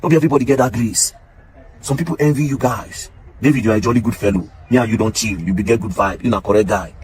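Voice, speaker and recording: A man's voice: mid-range voice, fast talker, a little mellow, a little hiss or hum. A man with a Nigerian Pidgin English accent, talking straight to camera and pleading emphatically in pidgin. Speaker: social media commentator. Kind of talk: casual monologue to camera.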